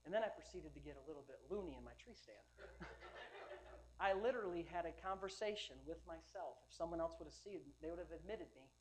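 A man preaching a sermon as pastor, emphatic, swinging between loud urging and quiet storytelling, often repeating words and restarting sentences. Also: a little high, lively intonation, fast, hardly any pauses, background noise.

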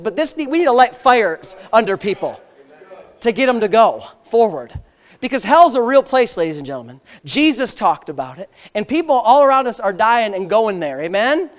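A man preaching a sermon in church. He repeats phrases, fires rhetorical questions at the congregation, and swings from loud high-pitched exhortation to low, quiet storytelling. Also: sing-song, moderate pace.

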